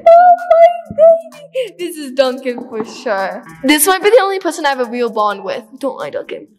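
A woman vlogging in a casual, excitable way, thinking aloud and giggling often. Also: high-pitched, brisk, faint music behind, low-quality recording. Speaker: family vlogger. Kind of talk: casual vlog chat.

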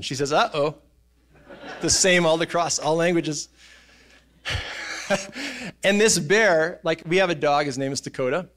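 A man, preaching a sermon in a church, telling stories in an animated way and acting out voices and sounds. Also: fairly high pitch. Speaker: pastor. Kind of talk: casual sermon storytelling. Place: church auditorium.

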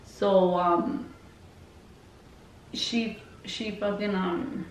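Drawing out her words in a steady, medium-pitched voice, a woman beauty vlogger tells a rambling, heavily profane story packed with fillers. It's casual, captured on a distant mic in a roomy room with faint noise.

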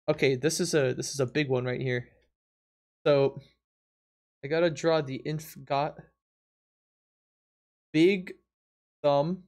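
A live streamer chatting casually with the audience during a drawing game, laughing often and talking in quick bursts with stumbling restarts. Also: mid-range voice, lively intonation, soft background music. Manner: chatty, laughs often, talks straight to the chat.

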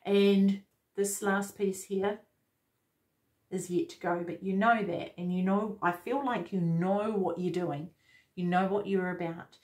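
A woman's voice: medium pitch, fairly even intonation, unhurried, darkish tone. Enthusiastic woman giving a tarot reading. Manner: enthusiastic, effusive, addresses viewer directly. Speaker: tarot reader. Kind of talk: casual spoken tarot reading.

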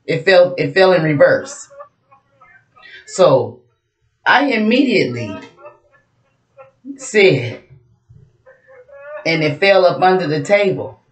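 A woman's voice: low-pitched, very animated, takes it slowly, long pauses. A woman giving a casual tarot reading, brash and mocking, with a lot of profanity. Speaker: tarot reader. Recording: roomy echo.

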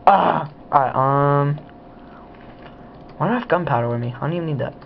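A man's voice: on the high side, a little fast, gravelly, long pauses, a little hiss or hum. A teenage boy doing casual gameplay commentary, goofy and rambling, talking to himself as he plays. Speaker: gamer. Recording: dull lo-fi home recording.

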